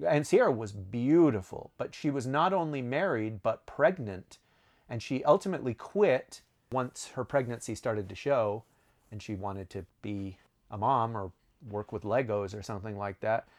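Man, author, casual rambling chat, self-correcting, mid pitch. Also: normal speed, a little mellow. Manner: rambling, self-correcting, laughs at own stories. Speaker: author answering reader questions.

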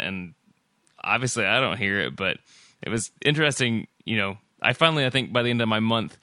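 Bright-voiced American podcast host. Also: male voice, on the low side, smooth, no room sound. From United States. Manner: relaxed, hesitant with fillers. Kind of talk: casual chat and show outro.

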